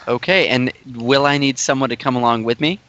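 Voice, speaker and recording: An eager, chatty man playing a tabletop role-playing game. His voice is bright and forward. The recording sounds a little muffled. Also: mid-range voice, brisk, slight background noise. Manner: eager, chatty, talks in character plans. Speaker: player. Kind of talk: casual tabletop game play.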